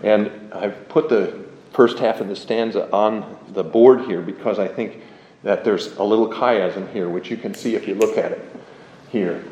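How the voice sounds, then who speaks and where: A man giving a classroom lecture, speaking in a measured, deliberate way with pauses and fillers. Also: fairly low pitch, darkish tone. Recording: echoey room, faint room noise.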